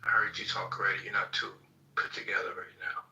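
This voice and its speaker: A man's voice: low-pitched, flat delivery, fast talker, pushed and bright, whispered. A man calling in to a stream, speaking in a curt, dismissive way. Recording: distant echoey lo-fi line.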